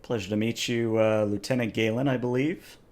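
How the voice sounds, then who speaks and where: A man voicing a tall, formal alien woman VIP in a reptilian biosuit, speaking in a polite, measured way in a tabletop game. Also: medium pitch, fairly even intonation, a little mellow, natural voice.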